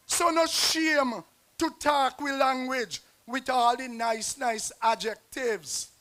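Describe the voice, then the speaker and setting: A man with a Nevisian Creole accent performing a rhyming dialect poem as a guest poet, with a rhythmic delivery and dramatic swings in loudness. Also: very high voice, slow pace. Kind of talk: performance poetry recital. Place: outdoor stage at a festival square.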